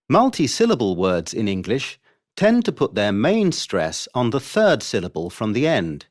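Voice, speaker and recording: A man reading scripted vocabulary lessons, pronouncing pairs of words with deliberately contrasting stress. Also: mid-range voice, huge pitch swings. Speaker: audio narrator for a vocabulary course.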